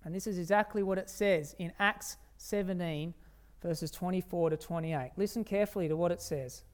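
The speaker is a preacher giving an evening sermon, his medium-pitched voice smooth and resonant. With strong emphasis he lets key phrases unfold slowly, and he challenges listeners with rhetorical questions.

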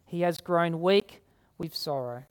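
An earnest woman preacher with a somewhat low voice. She repeats key phrases for emphasis and slows down when she reads scripture aloud. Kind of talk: sermon.

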